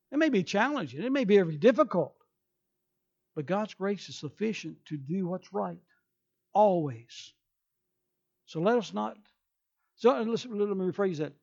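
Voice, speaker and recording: Man preaching a sermon, gravelly, high voice, emphatic, dull lo-fi recording. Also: a little mellow. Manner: emphatic preaching, acts out excuses in quoted voices. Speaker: pastor.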